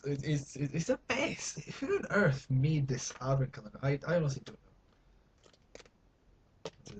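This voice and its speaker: A man's voice: on the high side, fairly bright tone. A young British man chats to his camera at home, his voice leaping up and down as he rambles and mocks himself in a playfully dramatic way. A faint hiss runs under his talk. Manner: rambling, self-mocking and mock-dramatic. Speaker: vlogger. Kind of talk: casual chat to camera.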